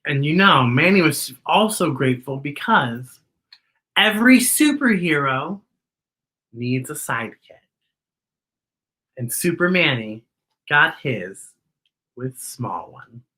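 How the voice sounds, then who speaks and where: A woman hosting a children's story time, reading a picture book aloud in an expressive way and speaking to the children directly. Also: low-pitched, slow pace, long pauses, breathy edge.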